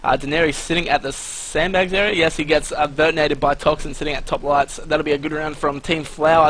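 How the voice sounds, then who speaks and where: A man calling a live shooter match with quick asides, small jokes and self-corrections. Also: fairly high pitch, fairly even intonation, fairly bright tone, a little hiss or hum, low-quality recording. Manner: chatty, joking, corrects himself. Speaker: esports commentator. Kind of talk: live esports play-by-play commentary.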